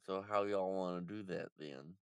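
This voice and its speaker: A man playing a tabletop game, talking in a laid-back, low-key way. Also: moderate pace, creaky, smooth, no room sound. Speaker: player. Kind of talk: casual tabletop play.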